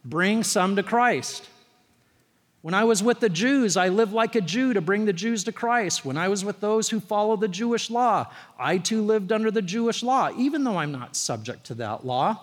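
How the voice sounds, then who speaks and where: Pastor, high male voice, chatty sermon with stories, long hall reverb. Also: lively intonation, normal speed. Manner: conversational storytelling preacher, rising emphasis on key phrases.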